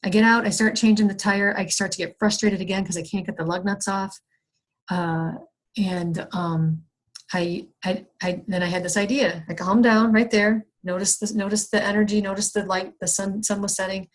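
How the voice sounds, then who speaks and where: A woman's voice: medium pitch, normal speed. Woman leading a reflective video-call workshop. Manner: conversational, reflective, frequent fillers and restarts; acts out her own past frustration with raised excited voice. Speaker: workshop facilitator. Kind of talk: online wellness workshop talk.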